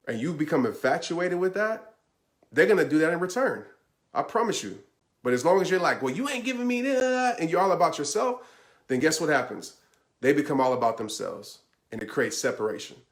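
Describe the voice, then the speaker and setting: A man giving an earnest, conversational motivational talk, speaking straight to his listeners and often checking in with "right?". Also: mid-range voice. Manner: earnest, repeats "I promise you" and "right?". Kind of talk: motivational talk answering a question.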